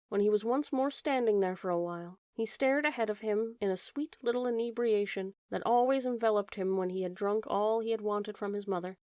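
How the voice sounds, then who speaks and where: A woman reading an old fairy tale aloud in a gentle, measured way. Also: on the high side, dry recording, studio quality. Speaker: audiobook narrator. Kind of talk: storybook narration.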